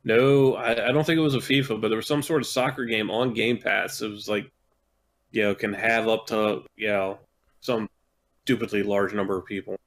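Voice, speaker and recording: A man's voice: on the low side, fairly even intonation, moderate pace. A man co-hosting a casual gaming podcast, rambling and hesitant, with jokes along the way. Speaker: podcast co-host.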